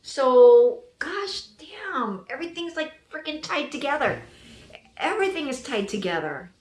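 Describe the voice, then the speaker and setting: A woman giving an excited reaction review of a TV episode, gushing and thinking out loud as she goes. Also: high-pitched, moderate pace, echoey room.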